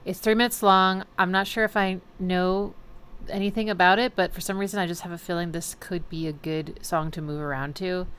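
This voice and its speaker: A woman's voice: lowish voice, fairly even intonation, brisk, a bit bright, clear, resonant tone. A woman hosting a music listening stream, musing casually about songs with many fillers. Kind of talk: casual reaction commentary.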